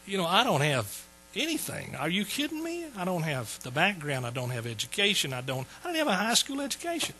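A man's voice: sits high, huge pitch swings, fairly quick, few pauses, pushed and bright, a little hiss or hum, poor audio. A man in his sixties telling his conversion story in a folksy sermon, repeating phrases for emphasis. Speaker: preacher. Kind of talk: sermon testimony.

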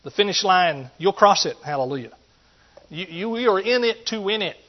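A middle-aged man preaching a sermon. He talks in a folksy way, swings between loud emphatic points and quiet asides, and calls out to his listeners. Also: high-pitched, animated, normal speed. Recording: dull lo-fi recording.

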